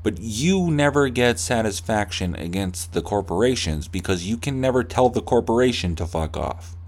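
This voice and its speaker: A man's voice: on the low side, expressive, normal speed, darkish tone. A man hosting a podcast, ranting with heavy swearing and slipping into mocking voices of corporate staff. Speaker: podcast host. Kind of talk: profane comedic rant.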